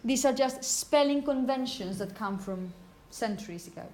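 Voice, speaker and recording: A woman teaching phonetics to a class, repeating example words slowly and checking understanding with frequent "okay?". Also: a little high, expressive, a little mellow, slight background noise. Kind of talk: classroom lecture.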